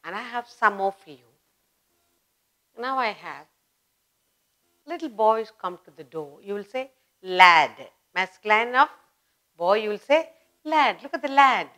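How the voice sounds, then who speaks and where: Slow-spoken woman teaching children. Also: mid-range voice, lively intonation, pushed and bright. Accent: Indian English. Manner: slow, drawn-out, repeats words with emphasis. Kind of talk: English grammar lesson for children.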